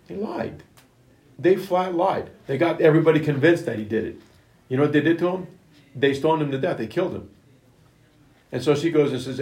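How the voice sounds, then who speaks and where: Male preacher, gravelly voice, emphatic sermon delivery, roomy echo. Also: fairly high pitch, expressive, brisk, long pauses, a little mellow. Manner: emphatic, retells scripture in plain everyday words. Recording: echoey room.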